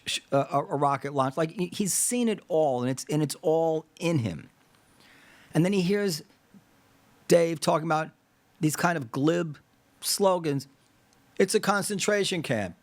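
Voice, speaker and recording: A man's voice: on the high side, no room sound. Man, podcast host, casual talk, thinks aloud, acts out dialogues, dry room. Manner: animated, acts out imagined dialogues; digressive, thinks aloud with fillers. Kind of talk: casual political discussion.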